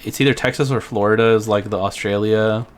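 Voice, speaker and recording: A man's voice: fairly low pitch, steady tone, a little fast. A young man with a Mexican accent, chatting casually with a friend while he plays a game, often distracted and trailing off. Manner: distracted, laughing, trailing off mid-sentence. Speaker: streamer. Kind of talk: casual chat while gaming.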